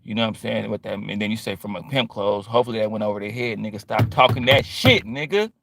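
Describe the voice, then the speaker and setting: A male vlogger with a lowish, creaky voice talks fast over a noisy background. His casual monologue is rambling and streetwise, loaded with slang, and often drifts into quoting other people.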